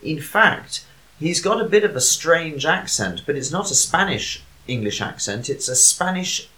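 A man's voice: a little high, lively intonation, unhurried, pushed and bright. A man hosting a casual talk show, chatty and steering the discussion. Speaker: podcast host. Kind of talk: casual chat.

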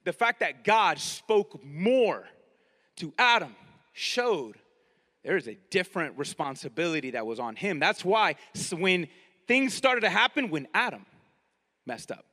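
A man preaching a sermon in a lively, conversational way, often turning to ask his listeners questions. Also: high-pitched, a little slow, long reverb tail. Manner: animated, conversational, asks the audience directly.

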